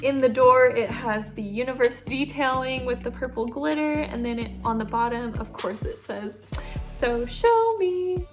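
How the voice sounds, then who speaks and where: A woman vlogger chatting through an unboxing video, gushing and excitable, often exclaiming with delight. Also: on the high side, normal speed, hardly any pauses, music in the background. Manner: gushing, excitable, lots of "oh my gosh".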